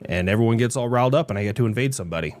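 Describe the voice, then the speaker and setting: A man's voice: medium pitch, lively intonation, a little mellow, no room sound. Hesitant man reading news aloud. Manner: halting, filler-heavy, jokey. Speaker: podcast co-host.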